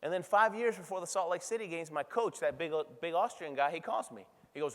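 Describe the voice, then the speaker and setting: A middle-aged man giving a motivational keynote speech, energetic and conversational, often checking in with the audience. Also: fairly high pitch, a little fast, few pauses. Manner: energetic, conversational, frequent tag questions to the crowd. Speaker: keynote speaker. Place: large convention hall. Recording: reverberant convention hall sound.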